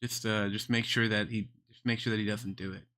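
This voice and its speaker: A young man livestreaming, rambling through a deadpan absurd bit with plenty of swearing. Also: lowish voice, fairly quick. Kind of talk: rambling joking stream chat.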